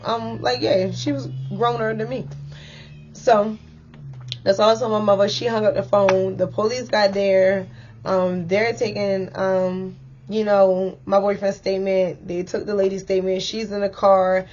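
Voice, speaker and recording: A woman's voice: mid-range voice, highs cut off. Chatty young woman telling a story. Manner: chatty, animated, addresses viewers as y'all with many likes. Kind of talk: casual storytime vlog.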